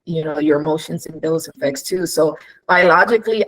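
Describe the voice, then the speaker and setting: A woman whose voice sits low keeps a moderate pace in a casual chat, heard on a rough recording. She tells stories energetically, acting out quoted speech, laughing a lot and asking rhetorical questions.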